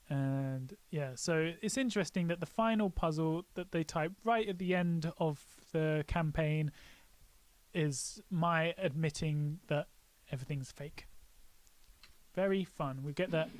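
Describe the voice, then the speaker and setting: Male streamer, slightly high voice, dry close mic, jokey and self-mocking. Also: measured pace, no room sound. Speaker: live stream host. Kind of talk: casual live stream walkthrough.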